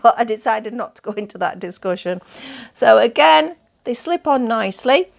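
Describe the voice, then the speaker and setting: A woman, a little hoarse, chatting casually in a show-and-tell vlog about doll accessories, rambling and laughing often. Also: a little high, animated, fairly quick. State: slightly hoarse, losing her voice. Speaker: doll collector vlogger.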